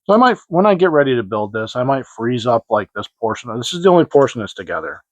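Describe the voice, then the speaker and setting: A man's voice: medium pitch, big pitch swings, quick pace, dry recording. A man hosting a casual model-kit show-and-tell vlog, rambling and hesitant, with many fillers and restarts. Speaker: hobby model-kit channel host. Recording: dry, slightly dull lo-fi sound.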